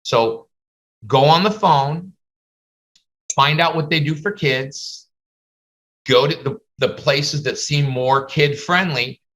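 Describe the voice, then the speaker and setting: Man, instructor type, lively storyteller, bright tone, call audio. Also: takes it slowly, pauses often, poor audio. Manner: animated, acts out little dialogues in higher voices. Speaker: face painting business instructor. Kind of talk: casual teaching on a video call. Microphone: video call.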